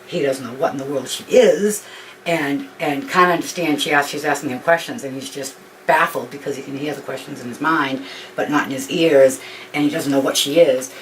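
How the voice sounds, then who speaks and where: A woman's voice: very deep voice, normal speed. A woman retelling a story informally, rambling with frequent ums and restarts. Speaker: author telling her story. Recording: distant mic with faint background noise.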